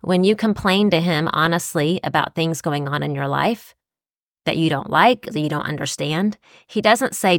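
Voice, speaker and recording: An earnest woman co-hosts a Christian podcast, talking reflectively and quoting scripture. Her voice sits a little low for a woman. The recording is dry and close. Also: normal speed, dry recording. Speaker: podcast co-host.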